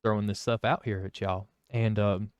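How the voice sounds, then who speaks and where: This young vlogger tells his personal testimony candidly and rambles, with lots of fillers and restarts. His clean, resonant voice sits on the low side, delivered flatly at a moderate pace and clear in tone, with no echo but a lo-fi sound.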